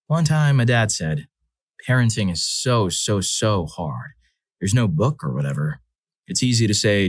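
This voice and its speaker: A man reading first-person stories aloud as a channel narrator, in a measured, earnest way. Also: on the low side, a little mellow, dry recording, clean studio sound.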